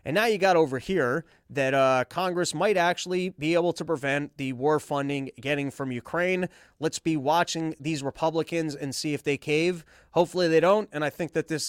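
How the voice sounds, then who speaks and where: A man's voice: fairly high pitch, a little fast, clean tone, no echo, studio quality. A man hosting a podcast, giving casual, rambling political commentary and sarcastically mocking others in put-on quotes. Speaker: podcast host.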